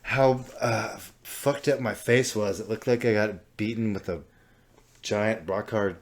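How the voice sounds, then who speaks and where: A man's voice: lowish voice, fairly even intonation, unhurried, a little hiss or hum. A man co-hosting a podcast, joking crudely and laughing a lot. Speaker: podcast co-host. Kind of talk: casual banter.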